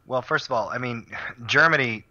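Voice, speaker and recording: Bright-toned man on a muffled podcast line. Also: mid-range voice, normal speed, no echo. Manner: chatty, anecdotal. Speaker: podcast co-host. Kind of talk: casual finance chat.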